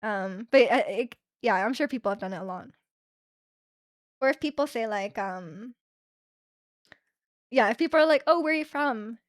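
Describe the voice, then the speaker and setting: A woman's voice: a little high, animated, normal speed, pauses often, dry recording, studio quality. A young woman streaming from Canada, chatting casually with her viewers, rambling with lots of fillers and acting out the people she quotes. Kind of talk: casual chat with live chat.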